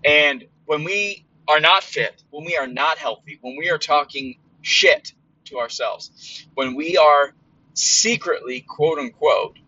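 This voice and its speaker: A man's voice: a little high, takes it slowly, sharp tone, dull audio. Blunt, rambling male podcast host. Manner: rambling, blunt, with frequent fillers and profanity. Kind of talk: casual monologue.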